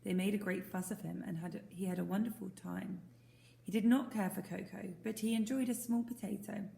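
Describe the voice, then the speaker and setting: A woman teacher reading a storybook aloud, gentle and asking the listeners questions. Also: medium pitch, fairly even intonation, a little fast, vocal fry. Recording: roomy echo.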